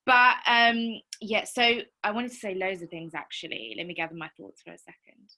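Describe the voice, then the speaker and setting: A woman chatting excitedly on a group video call, rambling with many fillers. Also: medium pitch, normal speed. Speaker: call participant. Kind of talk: casual group-call chat.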